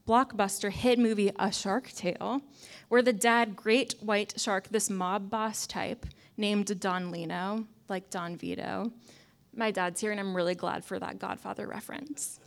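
A young adult woman preaches a conversational sermon, wry and self-mocking, often dropping into soft asides. Her mid-range voice is fairly even in intonation and a little slow.

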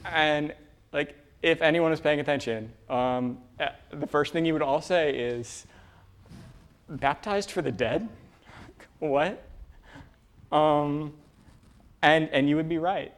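Halting, casual young-sounding preacher man. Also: a little high, fairly even intonation, smooth. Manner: halting, many fillers and restarts. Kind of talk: casual sermon. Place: church with a room of divinity students.

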